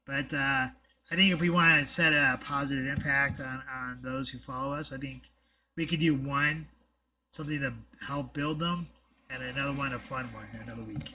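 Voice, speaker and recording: A man's voice: mid-range voice, fairly even intonation, moderate pace, far from the mic, dull audio. A man co-hosting a casual podcast chat, rambling with lots of fillers and blunt jokes. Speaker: podcast co-host.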